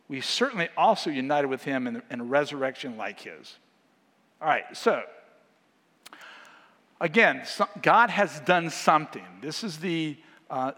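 A man giving a sermon as guest preacher, speaking in a conversational, animated way and often asking the congregation questions. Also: fairly high pitch. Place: church sanctuary. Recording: long hall reverb.

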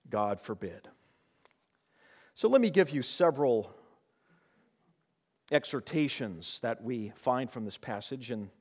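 A man preaching a sermon with a dynamic delivery that swings between raised, emphatic passages and hushed, quiet ones. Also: medium pitch. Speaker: pastor. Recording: long hall reverb.

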